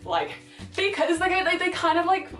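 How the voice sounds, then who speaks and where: A woman's voice: extremely high pitch, moderate pace. A young woman in a casual book review vlog, rambling with lots of fillers and acting out characters' lines as she retells scenes. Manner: rambling, filler-heavy, animated retelling with quoted voices. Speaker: book vlogger. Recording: roomy echo, voice a little far from the mic, faint music.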